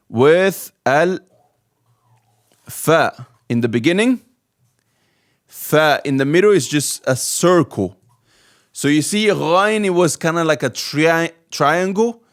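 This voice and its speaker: A man's voice: on the high side, takes it slowly, pauses often. A man teaching the alphabet step by step, patiently repeating each letter sound. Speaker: Arabic teacher. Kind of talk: slow step-by-step lesson.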